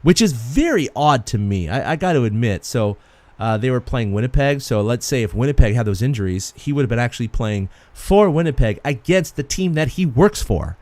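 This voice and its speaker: A man co-hosting a sports podcast, an animated storyteller who laughs often in casual chat. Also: medium pitch, fairly quick, no echo. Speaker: podcast co-host.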